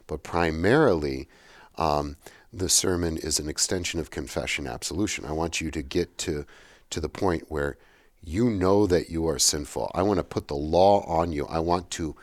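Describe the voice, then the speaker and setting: Very deep-voiced man, emphatic and halting. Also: dry recording, clean studio sound. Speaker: pastor and teacher of worship classes. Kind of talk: casual theological discussion.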